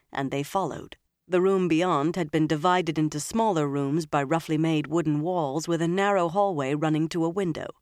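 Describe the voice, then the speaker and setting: Audiobook narrator, steady, measured, close studio mic, dry sound. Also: medium pitch, no echo. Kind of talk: scripted narration.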